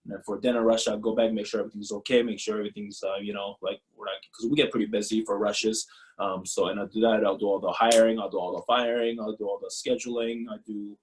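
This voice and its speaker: A man in his thirties, a former pro pitcher, talking bluntly and profanely in a casual interview, often laughing. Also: flat delivery, fast, rough recording.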